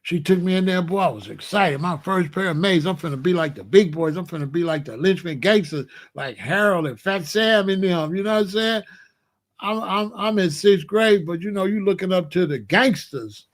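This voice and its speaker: A man tells a story in a loose, chatty way, laughing as he goes. His voice sits fairly high for a man. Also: normal speed. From Alabama, US. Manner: animated, chatty, laughs often. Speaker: host. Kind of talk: casual storytelling.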